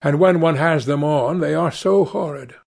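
A man's voice: a little high, moderate pace, creaky, darkish tone, pitched above the performer's own voice. A man voicing an anxious, earnest painter who pleads sorrowfully. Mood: pleading.

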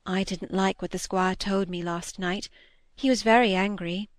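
A woman voicing a gentle, anxious older lady who is ill, speaking softly and unhurriedly in a storybook reading. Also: medium pitch, steady tone, moderate pace, dry recording, studio quality, natural voice. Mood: tender.

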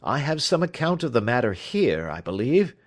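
A self-assured male detective laying out his reasoning step by step, as a male narrator puts him on. He sounds precise and a little pleased with himself, and his pitch moves in a lively way. The reading has the measured pace of an audiobook. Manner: precise, explanatory. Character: confident, incisive male detective, lecturing.

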